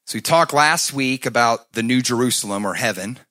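A man preaching a sermon, moving from loud, emphatic passages to soft, hushed asides and asking the congregation to answer back. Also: medium pitch, brisk. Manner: talks to the congregation, asks them to answer back. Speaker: pastor.

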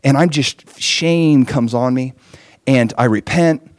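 Male preacher, mid-range voice, animated testimony storyteller, dry close recording. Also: medium pitch, slow, dry recording. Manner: animated storytelling, emphatic rises. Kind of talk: personal testimony sermon.

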